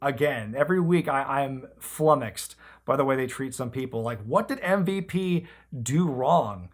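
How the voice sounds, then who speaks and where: Male podcast host, comedic wrestling recap, swings his pitch around a lot, jokey and loose. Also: normal speed. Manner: animated, jokey, swears casually, acts out quotes.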